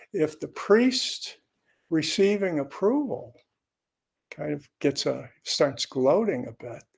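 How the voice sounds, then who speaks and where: A man gives a dharma talk as a Zen teacher, his somewhat high voice carrying a gravelly edge. He talks slowly, in a mellow and unhurried way. His delivery stays conversational, with wry asides.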